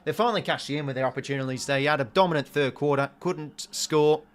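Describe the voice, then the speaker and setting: A young Australian watch-along host gives a casual live call of the game, now and then swearing mildly or getting suddenly excited. He speaks fast at a fairly high pitch.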